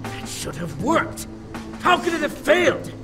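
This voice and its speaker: Proud disdainful demon guy, put on by a woman reading a game; drawn-out, swoopy lines. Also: high voice, wildly swooping pitch, music in the background, voice pushed up, heavily acted. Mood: indignant.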